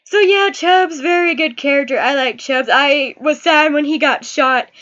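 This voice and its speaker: High-voiced young woman gushing over a book. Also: measured pace, a bit bright, dull audio. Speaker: book reviewer. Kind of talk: casual book review chat.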